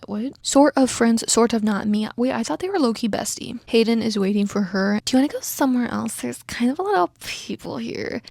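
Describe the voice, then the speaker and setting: Young woman, gravelly voice, giggly sarcastic reading. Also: fairly high pitch, a little mellow, no echo. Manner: sarcastic, giggly commentary with sudden whispers and squeals. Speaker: booktuber reading her old fanfiction. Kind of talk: casual reaction reading.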